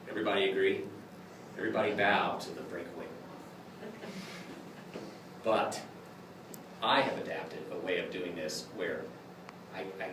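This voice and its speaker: A man lecturing on clown magic and demonstrating tricks to a class in an animated, jokey way, often acting out his exchanges with kids. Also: low voice. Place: lecture room. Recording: echoey room, far from the mic, background noise.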